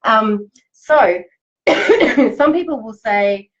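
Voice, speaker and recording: A woman's voice: on the high side, animated, extremely slow, muffled recording. Upbeat woman hosting a live stream. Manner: upbeat and chatty, with laughs. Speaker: host. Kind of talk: live-streamed motivational talk. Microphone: live video stream.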